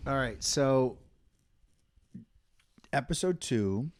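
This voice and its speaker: Middle-aged male co-host, low gravelly voice, teasing and jokey. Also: animated, a little slow, dark tone, no echo, clean studio sound. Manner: joking, teasing, playful. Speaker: podcast co-host. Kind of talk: casual couple's chat.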